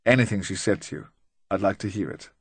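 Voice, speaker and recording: A man voicing a quiet, cold official who speaks in low, clipped remarks. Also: quick pace, husky, dry recording. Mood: cool, quiet. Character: quiet, cold male official behind a desk.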